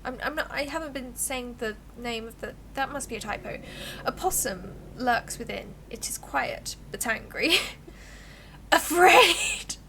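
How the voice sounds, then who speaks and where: A woman streaming a visual novel, reading its narration aloud and breaking in with quick, animated asides. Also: a little high, creaky, a little hiss or hum.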